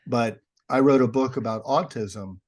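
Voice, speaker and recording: A man's voice: medium pitch, moderate pace. A middle-aged man, a guest on a podcast, casually telling sarcastic stories and acting out the dialogue. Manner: wry and sarcastic, acts out dialogue in his anecdotes. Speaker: guest, paranormal investigator and author. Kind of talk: casual storytelling.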